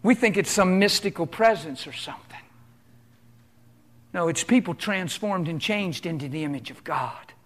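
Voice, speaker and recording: High-voiced impassioned male preacher. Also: lively intonation, normal speed. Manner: impassioned, rhetorical questions, shifts between loud and hushed. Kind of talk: sermon.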